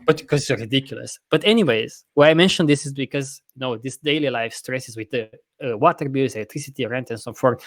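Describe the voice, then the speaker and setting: Rambling, profane podcast host. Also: male voice, mid-range voice, fairly quick, hardly any pauses, no echo. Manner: rambling, profane, self-correcting; laughs often. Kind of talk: casual podcast chat.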